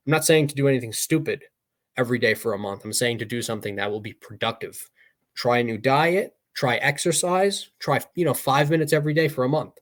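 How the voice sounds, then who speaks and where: A young adult man co-hosting a podcast, giving loose motivational talk full of fillers. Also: mid-range voice. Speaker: podcast co-host.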